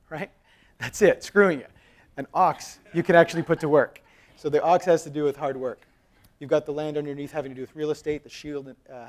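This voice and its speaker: A man in his thirties from Canada giving a conversational, storytelling keynote talk at a conference as a company co-founder. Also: mid-range voice. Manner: lively, conversational, acts out dialogue with raised voice. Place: conference hall.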